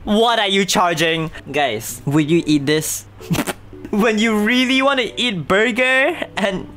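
A young man, a VTuber streamer giving hyper, theatrical comedy reactions full of drawn-out exclamations and crude jokes. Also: sits high, sharp tone, soft background music.

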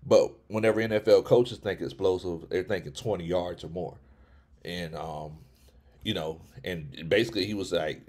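A man hosting a lively sports livestream, reading chat comments, laughing often and stumbling over his words as he talks. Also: deep voice, normal speed. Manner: animated, laughs often, frequent restarts and stammers. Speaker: sports vlog host reading live chat. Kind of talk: excited casual livestream chat.

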